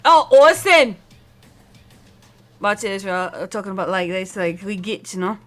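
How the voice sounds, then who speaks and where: A woman's voice: medium pitch, animated, a little slow, fairly bright tone, faint music behind. A woman playing in a tabletop game, bantering and teasing the storyteller. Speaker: player.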